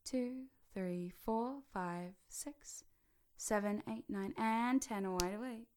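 A woman guiding a hypnosis session, dropping to slow whispers to sink the listener and lifting her voice to wake them, counting slowly. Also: medium pitch. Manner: switches between sinking whispers and bright rising calls.

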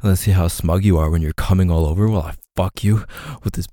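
A man performing an intimate adult audio role-play in a dominant, teasing manner, with heavy breathy moans between his phrases, recorded close to the microphone. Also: low-pitched, fairly even intonation, fast talker, warm tone, no room sound.

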